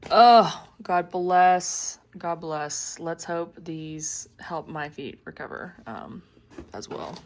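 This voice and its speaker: A woman hiker chatting casually to her phone camera, gushing and often dropping into a hushed half-whisper. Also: deep voice, lively intonation, slow pace. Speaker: long-distance hiker vlogging. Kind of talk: casual vlog chat.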